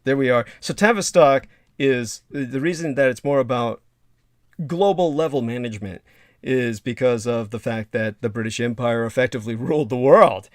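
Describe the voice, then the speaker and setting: A man hosts a casual livestream conversation and talks in a wordy, deliberate way, pausing on fillers. His voice sits at a medium pitch. The sound is dry and close with no room echo. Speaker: host.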